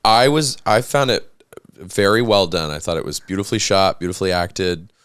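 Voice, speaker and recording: Low smooth-voiced man chatting. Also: moderate pace, a bit bright, no echo, studio quality. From United States. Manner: laid-back, storytelling, laughs often. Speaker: podcast guest. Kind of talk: casual chat.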